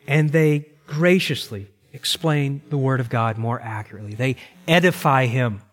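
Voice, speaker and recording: A middle-aged male pastor preaching a sermon with emphasis, slowing down to repeat key phrases. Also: mid-range voice. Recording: long reverb in a large hall.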